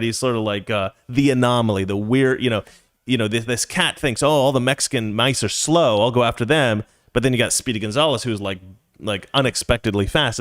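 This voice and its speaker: Male host telling a long casual story, lively pitch, joking asides. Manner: animated, chatty, jokey asides. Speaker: podcast host.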